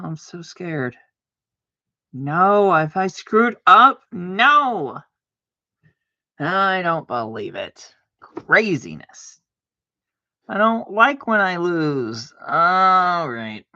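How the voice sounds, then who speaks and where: A man's voice: medium pitch, bright, forceful tone, no echo. A man streaming a solitaire game, talking to himself in casual commentary and arguing with himself, with mock-scared outbursts. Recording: dull lo-fi dry sound.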